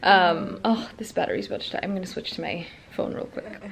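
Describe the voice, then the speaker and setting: A woman's voice: lowish voice, brisk, vocal fry. A woman vlogging casually to camera, chatty and gushing with lots of fillers. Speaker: travel vlogger. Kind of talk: casual vlog chat to camera. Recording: loud crowd and music behind.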